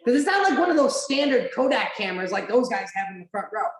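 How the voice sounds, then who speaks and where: A woman with a slightly high voice talks fast and very animatedly while hosting a podcast watch-along. She chats casually, dropping lots of "like" fillers and the odd swear, and the room has a roomy echo.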